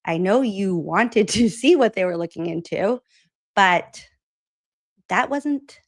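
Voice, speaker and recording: A woman's voice: medium pitch, expressive, slow. A woman hosting casual political commentary, chatty and opinionated, with lots of "like" fillers.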